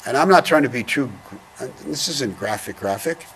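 An older man, a veteran giving an oral history interview, speaking in a reflective, halting way, heavy with feeling. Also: medium pitch, lively intonation, fairly bright tone, slight background noise.

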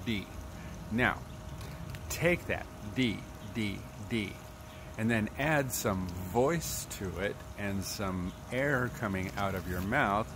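A man with a lowish voice walks through pronunciation at an unhurried pace, patiently repeating each sound to demonstrate it. Clear background noise sits under his voice throughout. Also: animated. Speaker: language teacher. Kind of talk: spoken tutorial. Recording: noisy background.

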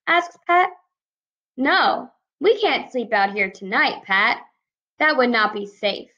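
A woman teaching first graders, speaking in a slow, clear and deliberate way as she reads aloud and goes over sight words. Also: a little high, fairly bright tone. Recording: slightly dull lo-fi recording.

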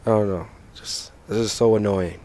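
A young man with a sick, hoarse voice, ranting and swearing through casual gameplay commentary. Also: on the low side, steady tone, normal speed, dark tone. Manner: profane, ranting, frustrated. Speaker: gaming channel host.

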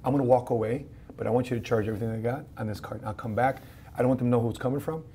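Filipino-born host guy, talks fast, eager storyteller, lots of yeah yeah. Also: medium pitch, steady tone, mellow, a little hiss or hum. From Philippines. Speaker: podcast host. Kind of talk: casual interview chat.

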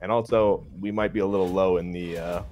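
A man casually talking through his turn in a wrestling management game, rambling and hesitant, with bursts of excitement. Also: low-pitched, brisk, faint music behind. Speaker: player. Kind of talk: casual gaming commentary.

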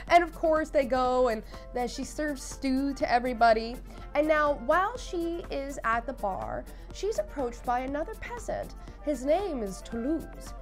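A young woman with a notably high voice tells a story in a casual, animated way. She giggles easily and races through the details. Faint music runs underneath. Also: a little slow. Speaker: vlogger.

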